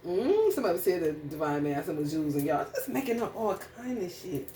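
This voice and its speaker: A lowish, mellow female voice with big pitch swings and a brisk delivery belongs to an astrology reader. What starts as a casual reading becomes a blunt, heated tirade full of profanity, captured with faint noise, echo, and a distant mic.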